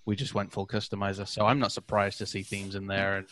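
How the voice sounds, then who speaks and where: A man's voice: on the low side, monotone, fast, fairly bright tone, a little hiss or hum. A man with a British accent co-hosting a podcast, chatting in an upbeat, enthusiastic way. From Britain. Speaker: podcast co-host. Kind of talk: casual chat.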